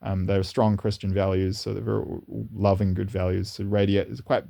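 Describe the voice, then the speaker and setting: A man's voice: flat delivery, moderate pace, vocal fry, mellow. A man talking in a casual, unscripted monologue as a channel host, rambling earnestly with frequent restarts and repeated words. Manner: earnest, rising in pitch when enthused. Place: lives in New Zealand, indoors.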